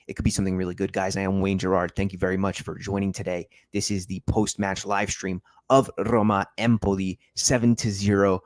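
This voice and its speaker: A young man with a deep, low voice hosts a football livestream, talking eagerly and straight to his viewers. The sound is dry and close, with hardly any room around him. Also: flat delivery, a little fast, hardly any pauses, dry recording. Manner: enthusiastic, talks straight to viewers. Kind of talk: casual post-match livestream talk.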